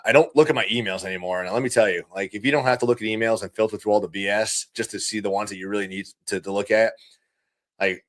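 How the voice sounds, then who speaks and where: Low-voiced, animated man talking business. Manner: animated, fast-talking, laughs easily. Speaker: podcast guest, business owner. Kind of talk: casual conversational interview.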